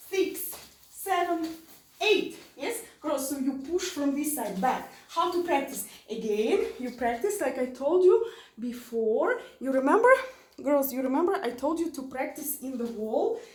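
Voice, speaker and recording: A woman teaching an online dance lesson, counting beats aloud and repeating her cues. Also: sits high. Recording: roomy sound from far off.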